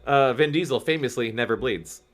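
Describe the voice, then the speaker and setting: A man's voice: medium pitch, normal speed, faint music behind. A man co-hosting a casual podcast chat, laughing often and reading a book aloud. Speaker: podcast co-host.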